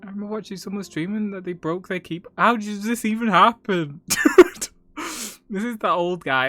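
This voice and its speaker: Bright-voiced man joking through a game. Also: high-pitched, faint music behind. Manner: joking, laughs often, quick asides. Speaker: streamer. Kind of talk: casual live game commentary.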